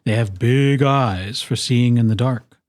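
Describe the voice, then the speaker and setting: A storyteller reading a children's picture book aloud, with expressive, playful emphasis on its lists. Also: mid-range voice, a little slow, no echo, clean studio sound.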